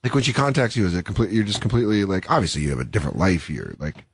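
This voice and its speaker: A man's voice: very fast, a little hiss or hum. A man co-hosting a talk show, chatting casually and riffing jokes. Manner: jokey, riffs with lively pitch. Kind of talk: casual chat.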